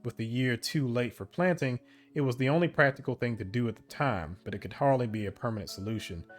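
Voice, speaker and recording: A man's voice: mid-range voice, fast, soft background music. A man reading the narration of an interactive story game aloud, breaking off for casual asides about his choices. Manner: steady storybook reading broken by casual asides and laughs at slips. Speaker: game streamer.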